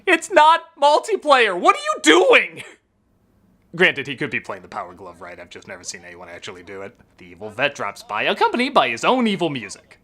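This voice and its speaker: A man's voice: on the low side, sing-song, fast talker, hardly any pauses, bright, forceful tone. A man reviewing a film in a comedic, sarcastic style, with jokey asides. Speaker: film critic. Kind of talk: comedic movie review narration.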